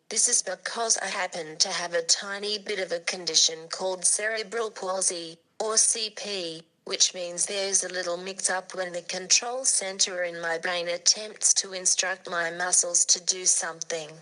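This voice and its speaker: A young woman blogger speaking through a speech device, with a synthetic robotic voice and steady, evenly read narration. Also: fairly low pitch, normal speed, few pauses, rough recording.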